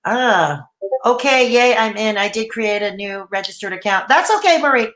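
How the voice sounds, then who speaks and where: A woman's voice: mid-range voice, normal speed, a bit bright, roomy sound. Rambling woman streamer with hiccups. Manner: rambling, frequent fillers and restarts. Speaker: live stream host. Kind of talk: casual live-stream chat reading viewer comments.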